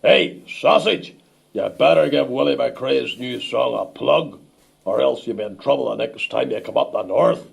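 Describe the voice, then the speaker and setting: A man playing a blustering, crude older Northern Irish loyalist preacher with a Northern Irish accent and a gruff voice, in a comedy sketch. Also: medium pitch, moderate pace. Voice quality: gravelly, gruff. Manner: blunt, crude and bombastic.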